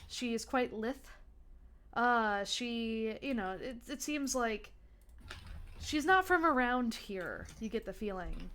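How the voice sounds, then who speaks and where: Young woman, game master, chatty, restarts a lot, higher voice. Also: lively intonation, takes it slowly, fairly bright tone. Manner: chatty, many fillers and restarts. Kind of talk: narrating a tabletop game.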